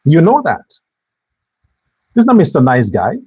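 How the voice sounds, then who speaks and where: Husky, angry man ranting. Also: on the high side, huge pitch swings, normal speed, darkish tone, rough recording. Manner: angry, blunt and profane, hammering phrases by repetition. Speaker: political commentary show host. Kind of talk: ranting political monologue.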